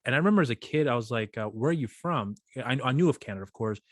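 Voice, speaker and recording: Male podcast host, quick talker, rambling, dry close mic. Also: mid-range voice, animated, dry recording. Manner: rambling, stumbles and repeats words. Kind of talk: casual interview chat.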